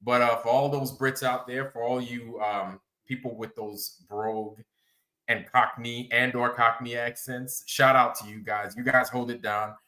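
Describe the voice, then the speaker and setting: A man's voice: medium pitch, fairly even intonation, a little slow, sharp tone. A man hosting a livestream, chatting casually, rambling and greeting viewers by name. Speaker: livestream host.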